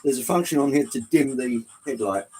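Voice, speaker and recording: A man's voice: mid-range voice, expressive, a little fast, darkish tone, poor audio. A middle-aged man casually chatting with viewers as he runs and explains his model trains. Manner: chatty, exclamatory, reads chat aloud. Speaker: livestream host showing model trains. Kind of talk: casual live chat with viewers. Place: indoor hobby room with layout.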